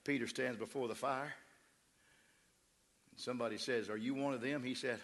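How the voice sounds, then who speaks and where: A man's voice: medium pitch, steady tone, normal speed, fairly bright tone, a little hiss or hum. Man, West Texas accent, pastor, emphatic sermon, reverberant church hall. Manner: fervent, emphatic preaching with crowd call-outs. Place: church sanctuary.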